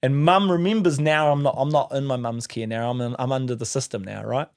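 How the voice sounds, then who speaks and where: A man's voice: mid-range voice, fairly even intonation, a little fast. A man in his thirties with a New Zealand accent, a podcast guest telling an emotional story, swearing freely and acting out other people's voices.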